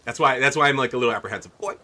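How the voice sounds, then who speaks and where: Over a noisy background, a medium-pitched man streaming a game talks rapid-fire. His commentary is casual and rambling, full of questions for his audience.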